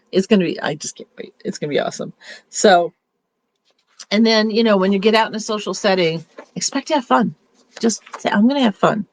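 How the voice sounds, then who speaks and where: A woman's voice: mid-range voice, dry recording. A woman beauty consultant talks to her group in a loose, chatty way. She sounds upbeat and often circles back mid-sentence to restart her point. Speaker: beauty consultant leading a meeting. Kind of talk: casual motivational talk.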